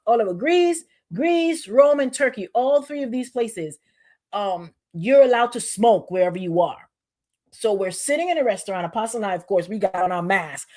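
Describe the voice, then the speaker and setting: Middle-aged woman pastor, New York accent, fairly high voice, chatty preaching full of repeats. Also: a little mellow. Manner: repetitive, conversational preaching with frequent restarts. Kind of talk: sermon.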